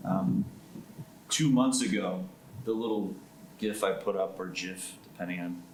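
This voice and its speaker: On a casual panel, a male home builder speaks in a very low voice, halting and repeating words as he gropes for what to say. The audio is roomy and echoey, with a faint hum in the background.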